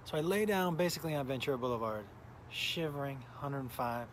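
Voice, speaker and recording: A man's voice: medium pitch, expressive, brisk, background noise. A middle-aged man, a comedian, casually chatting and telling a rambling story on a live stream, greeting viewers by name while sounding a little tired. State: tired, recovering from illness.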